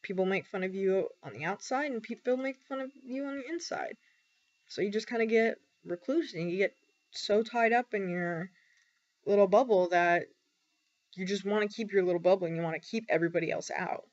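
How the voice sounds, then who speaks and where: A young woman talking candidly in a personal vlog, halting often with ums and pauses. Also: medium pitch, a little mellow. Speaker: vlogger. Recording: dull lo-fi recording.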